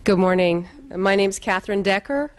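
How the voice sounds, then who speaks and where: Measured woman giving testimony. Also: medium pitch. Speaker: public commenter. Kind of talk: formal testimony.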